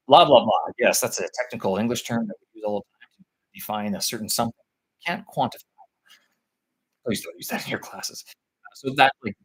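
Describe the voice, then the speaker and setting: A man's voice: fairly low pitch, slightly rough, rough recording. A man talking live about teaching English, rambling and searching for words as he thinks aloud. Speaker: vlogger on teaching English abroad. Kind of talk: live-stream talk.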